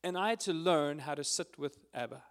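A fairly high-voiced man speaks earnestly to a prayer gathering, telling his story in an informal, heartfelt way. He sounds close to tears at times and fills his pauses with hesitations. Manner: earnest, emotional, with frequent fillers. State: tearful at times.

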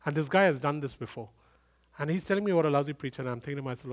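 A middle-aged man preaching a sermon, swinging from loud emphatic bursts to quiet, intimate storytelling. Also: on the high side, very fast. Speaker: pastor.

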